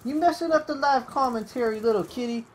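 Excitable young gamer swearing through commentary. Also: fast talker, slight background noise. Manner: excitable, swears at opponents, coaxes a pet in a higher voice. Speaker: gamer doing live commentary. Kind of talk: live gameplay commentary.

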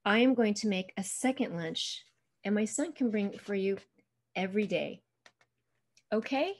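A woman voicing a kind mother who gently offers a boy lunch, in a coaxing way. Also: medium pitch, expressive, normal speed, lightly acted. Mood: warm reassurance.

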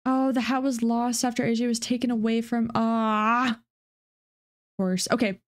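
A woman giving casual, excitable reaction commentary on a video game, swearing freely and thinking out loud. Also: on the high side, moderate pace. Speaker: gaming reaction streamer.

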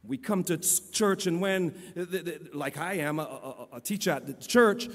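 A man preaching a storytelling sermon, animated, stammering and repeating his words. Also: on the high side, moderate pace. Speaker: lay preacher and church teacher. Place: church hall. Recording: long church hall reverb.

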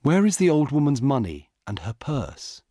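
A man's voice: mid-range voice, very animated, normal speed, mellow, husky, no echo, clean studio sound, voice pushed up. A man reading the part of a woman police officer, alert and eager, with a raised voice. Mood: questioning.

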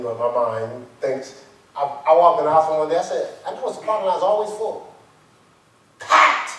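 Echoey, high-voiced male preacher. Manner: conversational, animated storytelling with slang. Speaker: pastor. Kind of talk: sermon. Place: church. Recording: echoey church hall from far off.

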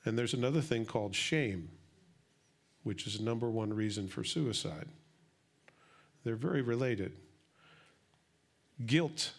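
A middle-aged male pastor giving a sermon, swinging from quiet, intimate asides up to loud, excited emphasis. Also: medium pitch.

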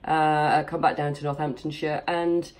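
Vlogger, female, 40s, from Yorkshire: slightly low-pitched, candid and chatty, speaking to camera from a home office. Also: flat delivery, unhurried, darkish tone. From Yorkshire, England. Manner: candid, chatty and lightly joking. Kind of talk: personal storytelling to camera.

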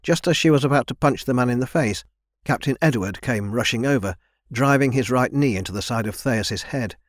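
A man narrates a young adult fantasy audiobook, reading from a script in an even, measured way. His voice is mid-range, and the clean studio recording carries no room sound.

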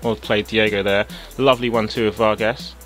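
A young man with a tired, sore-throated voice giving casual gameplay commentary that jumps into excited shouting. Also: fairly low pitch, normal speed, soft background music. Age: young adult. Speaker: gaming YouTuber.

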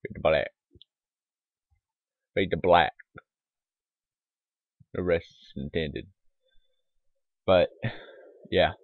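A man's voice: deep voice, very slow, long pauses, no room sound. A man giving casual, rambling let's-play commentary, mumbling asides with lots of fillers, on a tinny, lo-fi mic. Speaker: gaming YouTuber. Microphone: desktop microphone.

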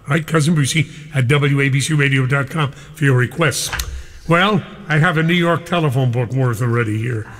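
An older man hosting a live radio show, effusive and excited, reading out listener emails and chatting with callers. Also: fairly high pitch, long reverb tail. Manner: exuberant, effusive, reads listener emails aloud. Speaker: radio DJ host.

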